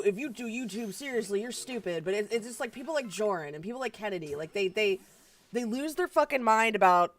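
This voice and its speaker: A woman streamer chatting casually on a live stream, rambling with lots of filler words, stammered restarts and swearing. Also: a little high.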